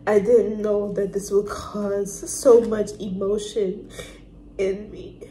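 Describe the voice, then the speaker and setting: A woman talking to her viewers in a casual reaction vlog, crying and halting, restarting her sentences as she speaks from the heart. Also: mid-range voice, level tone, dark tone, a little hiss or hum, poor audio. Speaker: reaction vlogger. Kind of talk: emotional casual monologue to viewers.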